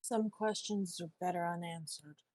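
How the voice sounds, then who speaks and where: A woman's voice: lowish voice, normal speed, a little mellow, no room sound. A woman playing a tabletop game, making dry, wry remarks. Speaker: player. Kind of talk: tabletop role-play.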